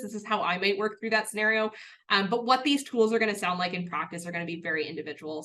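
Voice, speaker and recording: A woman's voice: medium pitch, sharp tone. A woman presenting a workplace training webinar in an earnest, conversational way, with a touch of self-deprecating humour.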